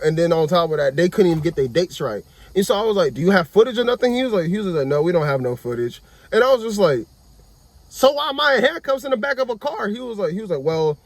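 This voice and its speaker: A man's voice: high voice, dry recording. A young man telling a story casually as a vlogger, acting out dialogue and often repeating "I was like.".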